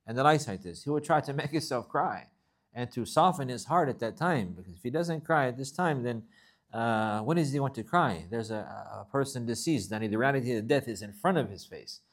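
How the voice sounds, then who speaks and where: Teaching a religious lesson in an expressive, mid-range voice, a man rattles off Arabic text and then slows down to explain it in English. He frequently repeats himself.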